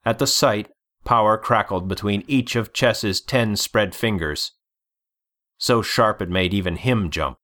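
A man reading a story aloud as narrator, deliberate and measured. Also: fairly low pitch, a bit bright. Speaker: audiobook narrator. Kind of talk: scripted narration.

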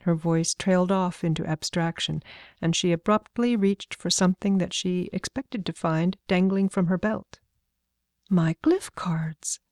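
Audiobook narrator, woman, measured and calm, dry booth sound. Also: on the low side, dry recording.

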